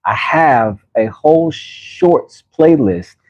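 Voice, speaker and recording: An American man hosting a casual livestream, rambling and laughing as he gives shout-outs to viewers from his workshop. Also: fairly high pitch, animated, slow. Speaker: channel host. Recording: dull lo-fi sound.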